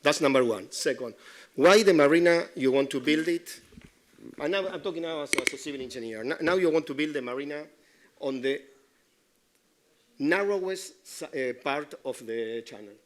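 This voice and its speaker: A man giving public comment at a city meeting, halting and repeating himself while pressing his complaints. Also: on the high side, expressive.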